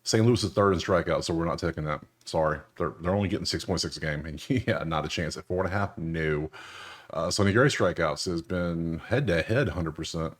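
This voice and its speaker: A young sports betting analyst with a low voice breaks down baseball picks over a screen share, talking a little fast. He's slangy and jokey, with loud, incredulous outbursts.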